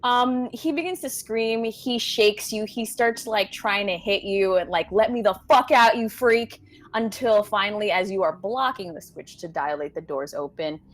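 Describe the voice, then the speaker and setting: A woman's voice: mid-range voice, moderate pace, hardly any pauses. A woman narrating a tabletop game as game master, describing scenes with casual fillers.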